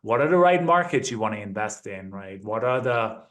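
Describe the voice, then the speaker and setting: A man being interviewed as an investor, relaxed and reflective, often tagging his points with a quick question. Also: fairly low pitch. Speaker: guest, apartment investor. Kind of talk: conversational interview.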